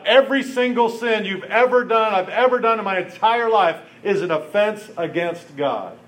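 A man preaching a sermon, reading scripture and acting out the people in it with lively asides. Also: a little high. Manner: animated preaching with acted-out quotes. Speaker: pastor.

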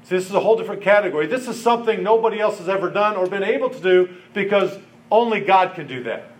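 Male pastor, sermon delivery, higher-pitched, animated, acts out quotes. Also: fast. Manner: animated preaching with acted-out quotes.

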